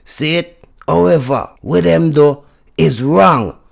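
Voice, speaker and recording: A man's voice: fairly high pitch, takes it slowly, creaky. A man with a Jamaican accent giving a chatty news review, mixing patois into standard English. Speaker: news commentator.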